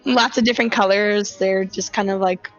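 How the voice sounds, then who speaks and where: A woman's voice: mid-range voice, fairly even intonation, moderate pace. A woman playing a tabletop role-playing game, chatty and giggly as she describes her character's actions. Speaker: player. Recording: slightly dull lo-fi audio with faint music.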